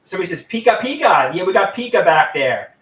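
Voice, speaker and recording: A man hosting a casual live stream, bantering and teasing with his chat. His voice sits a little high and swings widely in pitch. He sounds set back from the mic in an echoey room. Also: animated, quick pace, a bit bright. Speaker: livestream host. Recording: roomy echo, distant from the mic.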